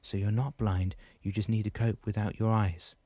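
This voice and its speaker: A man voicing a calm, wise middle-aged mother who speaks softly and patiently, in an audiobook. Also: fairly low pitch, normal speed, no echo, close to an everyday voice. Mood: gentle. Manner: soft, patient, reassuring.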